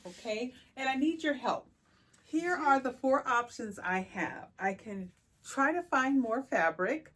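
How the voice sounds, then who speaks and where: A middle-aged woman talking casually as she works on a quilt, thinking aloud and laughing often. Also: mid-range voice. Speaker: quilting vlogger. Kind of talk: casual talk while working.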